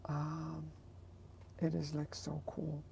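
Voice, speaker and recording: A woman's voice: low-pitched, completely flat delivery, takes it slowly, vocal fry, dark tone, slight background noise. A woman vlogger chatting casually to her viewers, rambling and hesitant as she searches for words.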